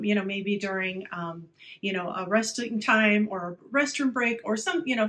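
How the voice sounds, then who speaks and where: Woman, teacher type, casual how-to talk, easygoing with lots of "you know". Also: mid-range voice. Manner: chatty, many fillers, drops to a quiet, hushed voice at times. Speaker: teacher giving classroom tips.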